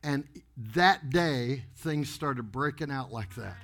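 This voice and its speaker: Pastor guy, slow drawn-out delivery, super animated storytelling sermon in church. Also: medium pitch. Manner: animated, exuberant, laughing storyteller. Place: church sanctuary before a congregation.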